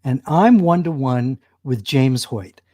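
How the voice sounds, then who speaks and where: A man's voice: medium pitch, expressive, slow, dark tone, no room sound. A man hosting a one-on-one interview, reading his guest's background with some fillers and restarts. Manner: reads guest bio with fillers and a laugh. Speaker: interview host. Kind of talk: conversational interview.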